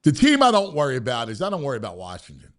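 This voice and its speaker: A man hosting a casual sports talk show, excitable and stammering, quick to cheer. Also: mid-range voice.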